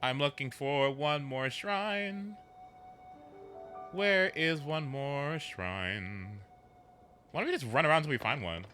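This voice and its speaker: Guy streaming a game, kinda high voice, really bright, rambles and cusses and whoops. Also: slow, long pauses, faint music behind. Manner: rambling and animated, with restarts, swearing and sudden whoops. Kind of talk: casual gameplay chat.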